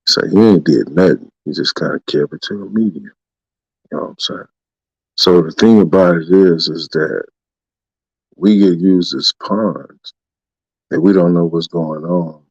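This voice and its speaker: Man, very low voice, rambling casual talk, dull dry recording. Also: unhurried, gravelly, pauses often, darkish tone, slightly rough, no echo. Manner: rambling, repeats "you know what I'm saying". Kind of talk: casual chat.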